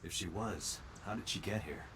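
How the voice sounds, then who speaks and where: A man's voice: low-pitched, normal speed, background noise, lightly acted. An actor playing a blunt male police detective in a video game, asking direct questions. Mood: probing. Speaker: game character. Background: music.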